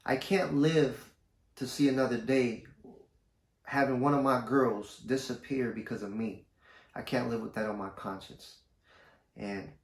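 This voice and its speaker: Gravelly, laid-back male vlogger. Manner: laid-back, slangy, low-key. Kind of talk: casual storytelling to camera. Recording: roomy echo.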